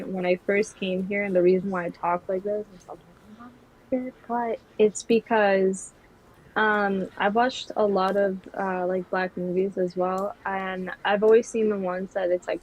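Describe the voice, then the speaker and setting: A young woman talks in a loose, rambling way and keeps restarting her sentences around fillers. Her voice sits at a middle pitch for a woman. She is a guest in a casual conversation. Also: poor audio. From New York City. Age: young adult. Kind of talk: casual chat.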